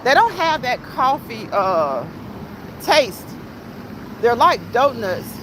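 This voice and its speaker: A woman's voice: a little high, big pitch swings, takes it slowly. A middle-aged woman on a casual walk-and-talk livestream, rambling to her viewers as she walks down a street, recorded on a phone. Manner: rambling, chatty, talks straight to viewers. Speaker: vlogger reading live chat. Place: outdoors on a street with passing traffic. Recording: clear street noise and traffic.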